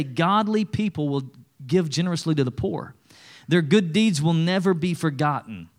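A middle-aged male pastor preaching a conversational sermon, with lively acted-out asides. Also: on the high side.

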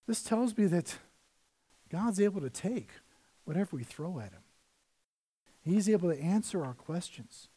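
A middle-aged male pastor with a notably high voice delivers a sermon. He drops to quiet, murmured asides, then rises into loud, emphatic readings from scripture. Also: animated, measured pace, pauses often, slightly rough.

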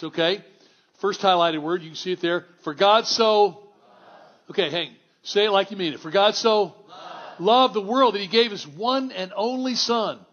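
High-voiced pastor preaching. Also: male voice, dull audio. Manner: conversational, wry, swings from hushed to exclamatory. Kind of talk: sermon. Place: church in front of a congregation.

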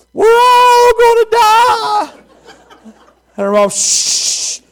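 Preacher, male, somewhat high voice; emphatic sermon delivery, repeats key words. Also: a little mellow.

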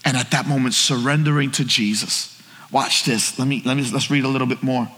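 A man preaching a sermon to his church, swinging from shouted lines to hushed ones. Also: mid-range voice, steady tone, brisk, big-room sound. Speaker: pastor. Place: church hall with congregation.

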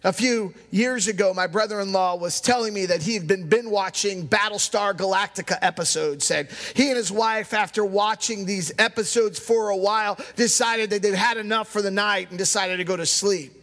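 A man preaching a sermon as pastor, telling stories with dramatic pauses. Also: high-pitched, fairly even intonation, fairly bright tone. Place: church sanctuary. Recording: long hall reverb.

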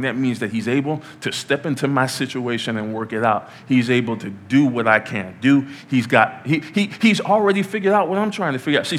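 A man's voice: medium pitch, a bit bright. A man in his thirties preaching an informal sermon in a church, conversational and playful, rising to emphatic peaks. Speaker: pastor.

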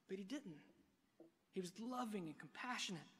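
A man preaching a sermon from a church pulpit, swinging between hushed and loud delivery. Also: high voice, expressive, a little fast. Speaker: pastor. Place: church sanctuary. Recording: long reverb of a large hall.

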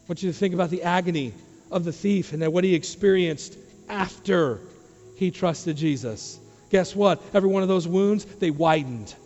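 A man, a pastor, preaching a sermon to his church, dropping to quiet low asides and rising to loud emphatic questions. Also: normal speed, faint music behind. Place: church sanctuary. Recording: dull sound with long hall reverb.

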